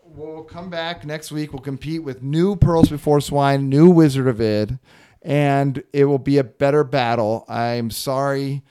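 A man's voice: medium pitch, steady tone, measured pace, mellow, clear, resonant tone. A man co-hosting a casual podcast, joking around and reading comic strips aloud. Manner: wry, jokey, reads comic strips aloud. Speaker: podcast co-host. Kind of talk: casual chat.

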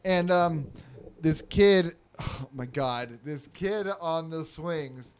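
A man's voice: on the high side, slow, clean tone. A man telling a story in casual chat, rambling with lots of fillers. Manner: rambling, filler-heavy, acts out quotes in a raised voice.

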